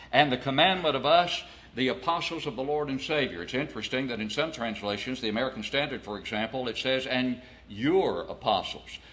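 A man preaching an expository sermon, reading scripture and explaining it in a deliberate way, with rhetorical questions to the congregation. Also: medium pitch, sharp tone.

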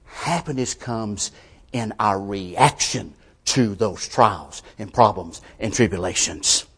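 A male preacher delivering a sermon with rhetorical questions, shifting between quiet, measured lines and forceful emphasis. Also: lowish voice, slightly rough.

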